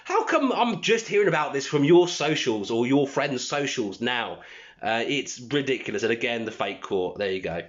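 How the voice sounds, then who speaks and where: Male host, indignant and sarcastic; pitch swings widely; dull lo-fi recording. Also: animated, normal speed. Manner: indignant and mocking, reading aloud with scornful asides. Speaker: channel host. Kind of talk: commentary on a document. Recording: dull lo-fi audio.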